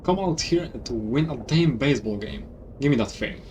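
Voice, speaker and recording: A man voicing a gruff male baseball coach giving a blunt pep talk in a game. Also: mid-range voice, lively intonation, moderate pace, background noise, natural voice.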